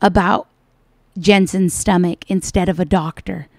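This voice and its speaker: A woman's voice: on the low side, steady tone, measured pace, gravelly, background noise. A woman hosting reaction commentary, mocking and scolding in a sarcastic way. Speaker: commentary channel host.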